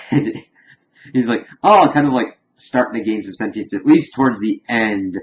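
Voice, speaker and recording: Rambling man recapping an episode. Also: fairly low pitch. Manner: rambling, filler-heavy retelling with quick acted quotes. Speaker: reviewer. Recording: dull lo-fi home recording with faint hiss.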